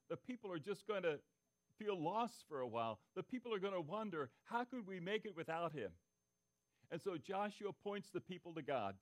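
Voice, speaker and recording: A man preaching a sermon, asking the congregation to call out answers and repeating key phrases for emphasis. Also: high-pitched. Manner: interactive, asks the congregation for answers. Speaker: pastor.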